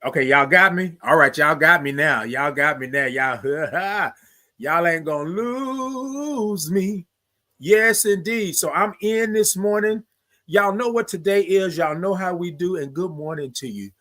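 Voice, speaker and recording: A man's voice: a little high, moderate pace, bright, forceful tone. A middle-aged man, hosting a morning livestream in a chatty, repetitive way and singing his greetings. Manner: chatty, repeats phrases, sings his greetings. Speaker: livestream show host. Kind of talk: casual livestream talk.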